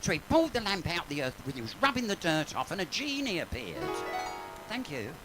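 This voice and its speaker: A camp man dishes bawdy gossip on a pub stage, swearing freely. His voice sits on the high side and swoops about. A piano plays along behind him. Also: wildly swooping pitch, fairly quick, rough recording. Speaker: cabaret comedian and singer. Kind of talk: live bawdy comic patter. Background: piano accompaniment.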